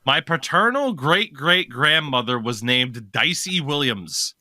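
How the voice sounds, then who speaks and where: Lively, bright-voiced male podcast host. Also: mid-range voice, unhurried, no room sound, clean studio sound. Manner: chatty, laughs often, animated storytelling. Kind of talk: casual podcast chat.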